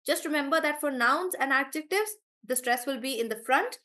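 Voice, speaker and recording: A woman's voice: sits high, expressive, moderate pace, sharp tone. A woman teacher, chatty in a live online class, explaining word stress through spoken examples. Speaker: English pronunciation teacher.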